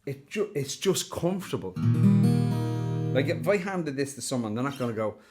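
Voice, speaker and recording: A man's voice: mid-range voice, animated, normal speed. Chatty Irish man unboxing a guitar. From Ireland. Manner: chatty, thinking aloud, fond asides. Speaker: guitar reviewer. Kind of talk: casual unboxing vlog.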